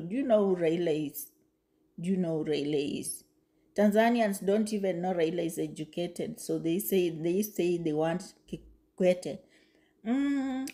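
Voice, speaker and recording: Slow, mellow woman in emphatic commentary. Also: lowish voice. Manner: emphatic, repeats herself, exclamations. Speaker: video commentator. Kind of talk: casual commentary to camera.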